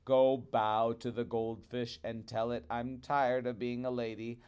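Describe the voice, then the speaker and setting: A man voicing a proud, greedy old peasant woman who shouts orders imperiously in a storybook reading. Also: medium pitch, flat delivery, a little slow, clean tone, natural voice. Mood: haughty, furious.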